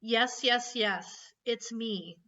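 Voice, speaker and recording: A woman voicing a stubborn, guarded china rabbit doll in a quiet, insistent way. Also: fairly high pitch, drawn-out words, far from the mic, highs cut off, exaggerated voice. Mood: hushed.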